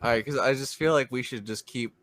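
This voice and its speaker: A man playing in a tabletop game, asking playful deadpan questions. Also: mid-range voice, a little fast, dry recording. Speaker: player.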